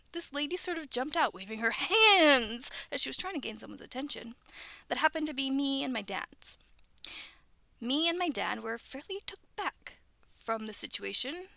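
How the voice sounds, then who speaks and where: Young woman, casual storyteller, highish voice, dry close sound, chatty and self-interrupting. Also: creaky, sharp tone, no room sound. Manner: chatty, stumbles over text and laughs at herself. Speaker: video creator reading stories. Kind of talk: casual read-aloud with asides.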